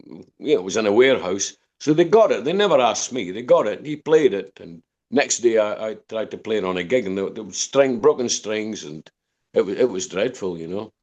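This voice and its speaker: An older Scottish man from Dundee, a musician appearing as a podcast guest, spins long anecdotes, repeating words and restarting often as he rambles through his stories. His voice is fairly low with lively intonation, fairly quick and darkish, and the sound is lo-fi.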